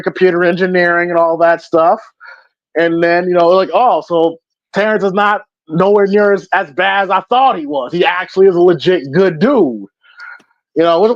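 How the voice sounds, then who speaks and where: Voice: mid-range voice, no echo. A podcast host reviewing a film in casual chat, laughing often and acting out lines from the movie. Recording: dull, dry lo-fi sound.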